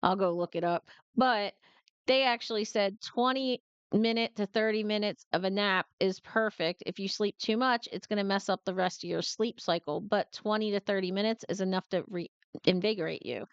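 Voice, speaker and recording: Clear-voiced woman from New Jersey, animated. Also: medium pitch, normal speed, no room sound, lo-fi sound. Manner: animated storytelling, gets fired up and laughs. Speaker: truck driver reacting to a video. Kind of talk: casual reaction commentary.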